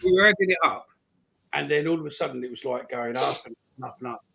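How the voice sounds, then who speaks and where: Gravelly-voiced man chatting on a fan podcast. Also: mid-range voice, fast, background noise. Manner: rambling storyteller. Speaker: podcast co-host. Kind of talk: casual call-in chat.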